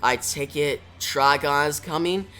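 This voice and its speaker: A man reads a cynical, secretive occult detective from a comic. His jabs come dry and sardonic, with a bright, forceful tone. Soft music runs beneath. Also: fairly high pitch, measured pace.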